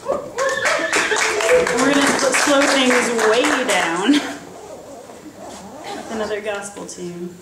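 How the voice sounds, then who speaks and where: Brief: high-voiced woman in her 20s, giggly stage banter, distant roomy hall mic. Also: expressive, takes it slowly, long pauses, a loud crowd, very noisy. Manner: giggly, rambling, self-deprecating. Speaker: student performer introducing songs. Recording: roomy live recital from far off.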